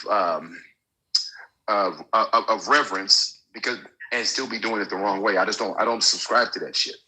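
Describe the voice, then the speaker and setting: A man on a call argues his side, stopping and restarting with plenty of fillers. His voice sits low but sounds very sharp and tense. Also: poor audio. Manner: argumentative, halting with fillers. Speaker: caller. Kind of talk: casual debate on a call.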